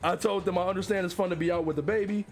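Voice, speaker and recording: A man reading online stories aloud, breaking off to riff and laugh loudly with lots of swearing. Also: sits high, fairly even intonation, very fast, faint music behind. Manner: loud laughter and profane riffing between readings. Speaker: streamer reacting to stories.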